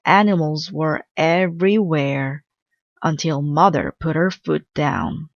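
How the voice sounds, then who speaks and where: A woman narrating a children's storybook aloud in a gentle, clear manner. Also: deep voice, animated, slow pace, a little hiss or hum. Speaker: children's book reader. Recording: slightly dull dry recording.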